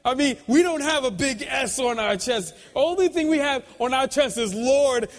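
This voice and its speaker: A man preaching a sermon, speaking in slow, broken phrases with dramatic pauses, swinging between quiet prayer and shouted peaks, with frequent conversational asides to the congregation. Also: extremely high pitch, expressive. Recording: long hall reverb.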